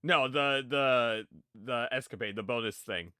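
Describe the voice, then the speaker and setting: A man's voice: medium pitch, pushed and bright, clean tone, no echo. A man hosting a game stream, chatting casually and teasing his friends. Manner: playful, teasing, quick to laugh. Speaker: streamer host. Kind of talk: casual chat while gaming.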